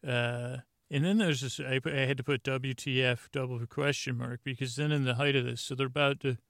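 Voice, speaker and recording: A man's voice: medium pitch, fairly even intonation, moderate pace, vocal fry, a bit bright, dry recording, studio quality. A man hosting a bedtime podcast, rambling casually through an episode recap with many fillers and restarts. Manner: meandering, full of fillers and restarts; casually retells scenes with "he goes". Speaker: podcast host.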